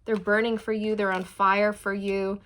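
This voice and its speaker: A young adult woman giving a slow, soothing channeled tarot reading, speaking straight to her viewers. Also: mid-range voice, little pitch movement, a bit bright. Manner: slow, soothing, spiritual, addresses viewers as you guys. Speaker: tarot reader.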